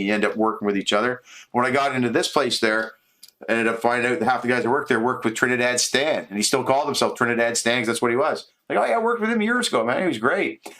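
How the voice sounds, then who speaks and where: A man's voice: medium pitch, pushed and bright. A man in his fifties chatting casually while he builds, rambling through joking stories. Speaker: streamer.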